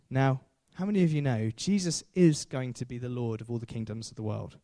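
A man's voice: medium pitch, fairly quick, hardly any pauses, warm tone, dry recording, studio quality. A man preaching a sermon in a chatty way, with self-deprecating jokes and frequent fillers.

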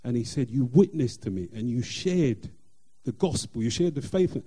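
A middle-aged man, sharing a personal faith testimony in an earnest, halting way with many fillers and restarts. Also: mid-range voice, expressive, dark tone, slightly rough. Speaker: church member sharing testimony.

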